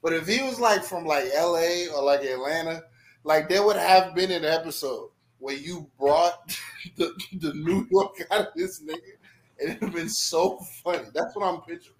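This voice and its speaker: A man chats as a podcast guest, teasing and laughing his way through the talk. His voice rides high and swings widely in pitch, and there is a faint hum of noise behind him. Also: normal speed, poor audio. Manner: animated and playful, laughs often, teasing. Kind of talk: casual chat.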